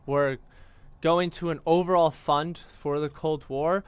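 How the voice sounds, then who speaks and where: A man's voice: fairly high pitch, fairly even intonation, unhurried, clear, resonant tone. A man from the United States rambling through casual, profane history commentary over gameplay, with lots of fillers. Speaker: gaming YouTuber.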